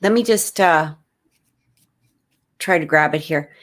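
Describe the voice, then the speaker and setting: Soft-spoken woman giving a live reading. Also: deep voice. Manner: gentle, halting, many restarts. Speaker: psychic reader.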